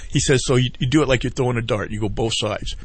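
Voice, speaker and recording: A man's voice: medium pitch, fast, slightly rough. A man, a veteran, telling long stories as a guest on a talk interview, often retelling other people's words and looping back as he goes. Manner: rambling storyteller who retells others' words. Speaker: veteran guest promoting a fishing group. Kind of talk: casual talk-radio interview.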